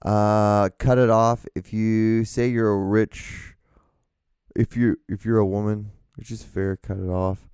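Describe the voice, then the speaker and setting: A man's voice: fairly low pitch, flat delivery, measured pace, a little mellow, smooth, dry recording. A man hosting a solo podcast, ranting with lots of swearing and mocking voices, seated at a desk microphone. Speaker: podcast host. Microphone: desk microphone in front of him.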